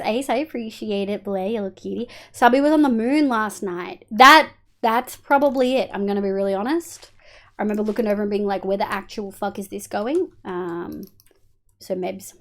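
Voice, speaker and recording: A young Australian woman streaming live, chatting candidly and thinking aloud while she plays, with casual swearing and fond scolding of her cat. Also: medium pitch.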